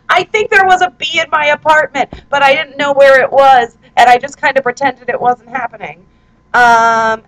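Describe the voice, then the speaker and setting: Young woman vlogger, fairly high voice, loose rambling chat, jokey and self-deprecating, recorded at home on a handheld recorder. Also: expressive, moderate pace, a bit bright, low-quality recording. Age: 20s. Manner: rambling, chatty and self-mocking. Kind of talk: casual chat reading out her own posts. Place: her apartment, indoors.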